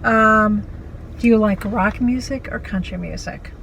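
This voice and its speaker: A woman's voice: mid-range voice, gravelly, a bit bright, a little hiss or hum, rough recording. Easygoing woman chatting in a car. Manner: easygoing and agreeable, with quick yeses. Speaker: guest vlogger. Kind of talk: casual chat. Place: inside a parked car.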